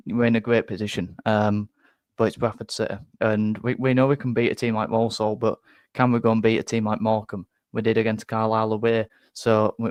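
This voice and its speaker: A man's voice: on the low side, a little mellow, no echo. Rambling man hosting a football live stream. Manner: rambling, self-deprecating, many restarts. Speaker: football fan channel host. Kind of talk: live stream match reaction.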